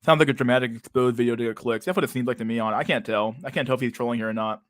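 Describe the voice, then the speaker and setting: A man's voice: mid-range voice, fairly even intonation, rapid-fire, no echo. A young man streaming a reaction video, rambling casually and profanely, mocking the clip and peppering his talk with "bro" and "dude.". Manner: crude, mocking, rambling with many restarts and "bro".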